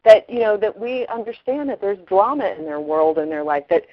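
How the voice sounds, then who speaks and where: A woman's voice: mid-range voice, brisk, dry recording. Middle-aged woman telling parenting stories, lo-fi radio. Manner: animated storyteller acting out quotes. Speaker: parenting expert guest. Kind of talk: casual advice talk.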